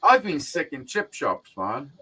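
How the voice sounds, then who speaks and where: A man with a high voice that jumps up and down a lot trades crude jokes on a group call. He swears freely and talks in a loose, teasing way. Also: wildly swooping pitch, a little slow, sharp tone. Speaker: guest on a video call. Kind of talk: casual banter.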